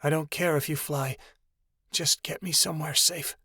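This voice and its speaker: A man voicing a wounded, stubborn young human girl in an audiobook, speaking in a high, strained, pleading voice. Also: normal speed, fairly bright tone, no echo, clean studio sound. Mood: hurt, stubborn.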